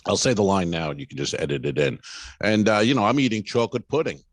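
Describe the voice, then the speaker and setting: A male comedian co-hosting a podcast, a gruff, profane storyteller who exaggerates for laughs. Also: low voice, lively intonation, quick pace, no room sound. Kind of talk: casual comedy podcast banter.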